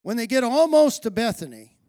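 A man preaching a sermon as pastor, telling a story and acting out its dialogue, then building to shouted emphasis. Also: extremely high pitch, very animated, brisk, no room sound, clean studio sound.

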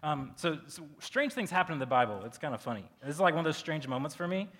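A man's voice: on the high side, big pitch swings, fast, a bit bright. A man preaching a casual sermon as pastor, talking loosely and conversationally with lots of fillers.

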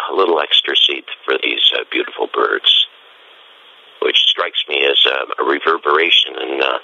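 Very deep scratchy-voiced man giving a homily. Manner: gentle, musing, pausing to reflect. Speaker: friar. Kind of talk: reflective Christmas homily. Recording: dull lo-fi recording.

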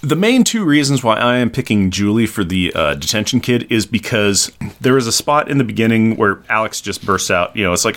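A man co-hosting a podcast, chatting casually about a comic in a rambling, animated way with lots of fillers. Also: on the low side, fairly quick. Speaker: podcast co-host. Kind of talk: casual chat reviewing a comic.

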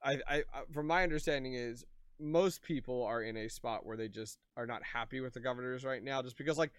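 A man's voice: medium pitch, brisk, clear, resonant tone, no echo. A man in casual chat, agreeable and thinking aloud as he talks.

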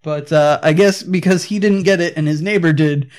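A man with a notably high speaking voice chats on a podcast. He riffs animatedly on a movie, laughing and swearing freely in casual banter. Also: moderate pace, a little mellow. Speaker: podcast co-host. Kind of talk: casual chat.

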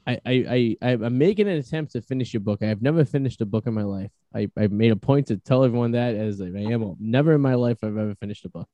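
A man with a Boston accent hosting a podcast, talking in a rambling, halting way with many restarts. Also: medium pitch, mellow, dry recording, lo-fi sound. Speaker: podcast host. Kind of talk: casual chat.

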